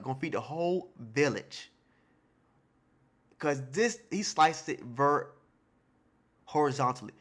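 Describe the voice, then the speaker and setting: Host of a manga reaction channel: a man with a mid-range voice reading panels aloud, hyped and repetitive, slangy and casual. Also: mid-range voice. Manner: excited, repeats lines, reads panels aloud; loose slangy casual talk.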